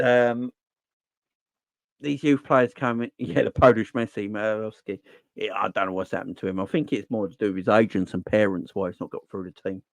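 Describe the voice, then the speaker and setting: Brief: male stream host, animated slangy football talk, dry close sound. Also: on the low side, no room sound. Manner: animated, slangy, answers chat. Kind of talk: casual live-stream chat.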